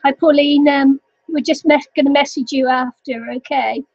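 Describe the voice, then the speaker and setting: A woman's voice: high voice, steady tone, moderate pace, a little mellow, no room sound. An older woman chatting casually to viewers on a craft live stream, laughing often. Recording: dull lo-fi home recording.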